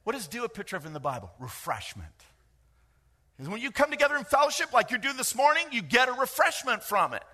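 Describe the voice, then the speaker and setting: A middle-aged man preaching a sermon, lively and joking, with quick asides to the congregation. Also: extremely high pitch. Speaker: pastor.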